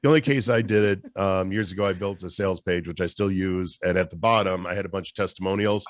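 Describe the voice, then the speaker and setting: A man's voice: low voice, quick pace, dry recording, studio quality. A man co-hosting a casual chat, explaining things step by step with many restarts. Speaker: co-host.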